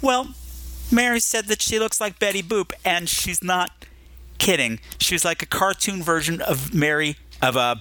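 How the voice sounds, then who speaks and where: A man's voice: high-pitched, measured pace, pushed and bright, dry recording. A man hosting a podcast, giving chatty, emphatic and digressive commentary on a film. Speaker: podcast host.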